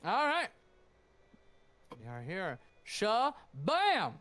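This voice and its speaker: Playful male game master, high and very animated voice. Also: moderate pace. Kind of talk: opening a tabletop game session.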